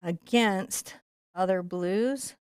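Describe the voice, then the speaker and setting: A woman teaching a live painting tutorial in a soft, soothing voice as she paints. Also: medium pitch, extremely slow, clean tone, no echo, studio quality. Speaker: painting instructor.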